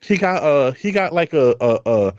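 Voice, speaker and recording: Animated Brooklyn man telling a story. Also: on the high side, moderate pace, no echo, lo-fi sound. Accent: Brooklyn, New York. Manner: animated, laughs through his story, slangy street talk. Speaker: podcast co-host. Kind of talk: casual storytelling chat.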